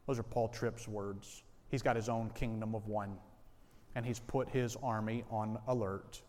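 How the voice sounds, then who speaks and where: A man's voice: fairly low pitch, fairly even intonation, a little slow, mellow. A male pastor preaching a sermon. He tells a personal story earnestly and repeats key lines for emphasis. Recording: long reverb of a large hall.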